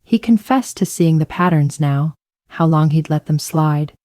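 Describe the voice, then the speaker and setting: A woman tells a dramatic first-person story in a low, mellow voice. The recording is dry and close, with no room sound. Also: a little slow, no room sound. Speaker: narrator.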